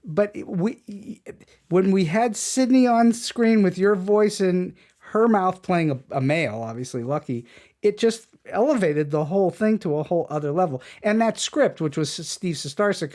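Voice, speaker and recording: Man, podcast host, animated storyteller, fairly high voice, laughs often. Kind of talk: casual interview chat.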